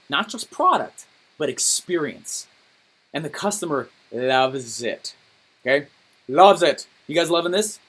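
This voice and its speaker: A man coaching his course members on a call, telling stories with lively enthusiasm and often checking in with "okay?". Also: fairly high pitch. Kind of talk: energetic coaching call with storytelling.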